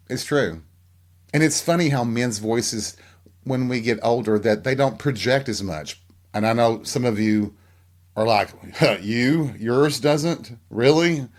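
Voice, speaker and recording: A middle-aged man hosting a solo podcast, talking frankly and reflectively in a rambling way and often asking listeners rhetorical questions. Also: lowish voice. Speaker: podcast host. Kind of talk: candid solo podcast monologue.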